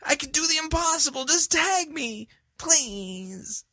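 A powerless male God begs and whimpers in a high, squealing voice. The tone is bright and the sound is dry and close. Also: lively intonation, measured pace, dry recording, heavily acted. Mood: pleading mockery. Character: whiny pleading male God, powerless and begging.

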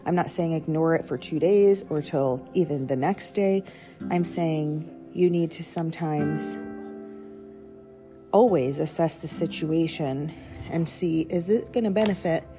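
A low-pitched young woman talks in a loose, conversational devotional style, circling back and fixing her words as she goes. Soft music plays faintly underneath her voice. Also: unhurried. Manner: rambling, self-correcting, conversational. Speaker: podcast host. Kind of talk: casual devotional talk.

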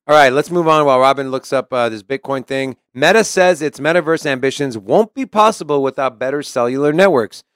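Smooth-voiced man co-hosting a podcast. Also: mid-range voice, animated, a little fast, hardly any pauses, dry recording, studio quality. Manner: chatty, reads article quotes then comments. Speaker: podcast co-host. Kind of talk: casual podcast chat, reading news aloud.

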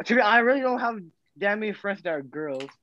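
A young man hosting a podcast in casual chat, halting and restarting his sentences with lots of fillers. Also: high voice, animated. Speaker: podcast host. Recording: dry, dull lo-fi sound.

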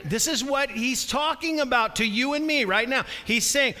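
Man, pastor, high voice, bright and forceful, energetic sermon, call-and-response, long church reverb. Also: a little fast, few pauses. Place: church sanctuary. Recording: long reverb of a large hall.

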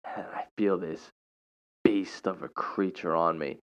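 A young man, a teacher, telling a personal story in a casual, animated way with lots of slang. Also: deep voice, unhurried. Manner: animated, slangy, dramatic retelling. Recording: dull lo-fi recording.

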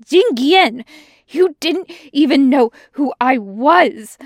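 A woman reading the lines of an angry, proud young nobleman in a fan audiobook, sharp and scolding. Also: fairly high pitch, fairly even intonation, slow pace, dry recording, studio quality.

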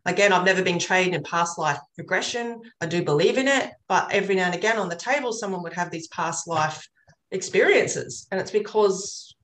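A woman's voice: lowish voice, brisk, fairly bright tone, a little hiss or hum. A woman talking earnestly about her work as an energy healer, a chatty and rambling storyteller. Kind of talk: casual interview chat. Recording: roomy echo.

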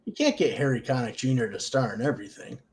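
A man's voice: mid-range voice, lively intonation, quick pace, darkish tone. A man co-hosting a casual podcast chat, joking around and rambling in a goofy way. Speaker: podcast co-host.

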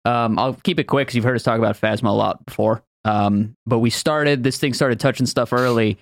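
A man co-hosting a casual podcast, recounting events in a relaxed way with many fillers. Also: medium pitch, brisk, vocal fry. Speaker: podcast co-host. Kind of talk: casual group chat.

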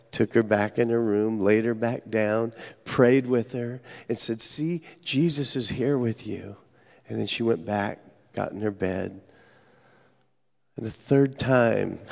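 Slow, gravelly-voiced preacher in echoey hall. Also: male voice, fairly low pitch. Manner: earnest storytelling preacher, dramatic pauses. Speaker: pastor. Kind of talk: sermon.

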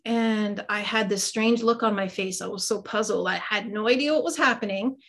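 A woman's voice: mid-range voice, normal speed, fairly bright tone. A middle-aged woman, a guest on an interview, chatting about her life in a casual, self-deprecating way with lots of fillers. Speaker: guest, psychic medium and Reiki master.

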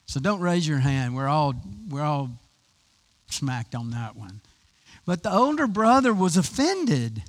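A man's voice: on the high side, very animated, unhurried. A man preaching a conversational sermon, with frequent restarts and rhetorical questions. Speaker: pastor.

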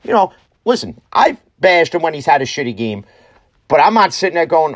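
A man's voice: fairly high pitch, big pitch swings, brisk. Blunt, ranting male sports talker. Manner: blunt, ranting, swears freely. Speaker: sports podcast host. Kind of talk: opinionated casual sports talk.

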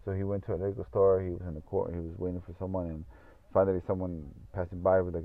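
Low-voiced man telling a rambling story. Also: flat delivery, fast, few pauses. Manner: rambling, repeats himself, swears often. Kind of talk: casual storytelling monologue. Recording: tinny phone-like audio.

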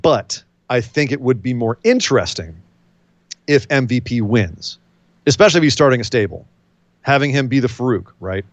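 A man co-hosting a casual wrestling predictions chat, rambling and animated, full of jokes and quick asides. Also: mid-range voice, no echo. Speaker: podcast co-host.

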